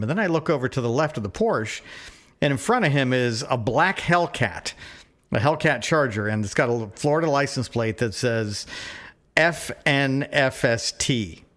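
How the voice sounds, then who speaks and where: A man co-hosting a podcast, telling a lively story over a phone call with frequent laughs. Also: mid-range voice, normal speed. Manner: animated storyteller, laughs often. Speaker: podcast co-host. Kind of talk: casual phone chat storytelling.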